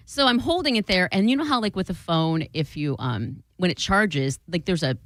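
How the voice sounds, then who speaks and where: A young woman telling a story in a casual chat, animated and swearing, acting out what people said. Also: on the low side, normal speed, few pauses, no echo. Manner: animated, swearing, acts out quotes.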